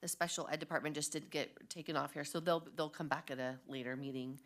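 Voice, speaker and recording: Lower-voiced woman explaining agenda changes. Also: fairly even intonation. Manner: conversational, slows on item numbers. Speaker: district staff member reporting agenda changes. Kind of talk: explaining agenda items at a meeting.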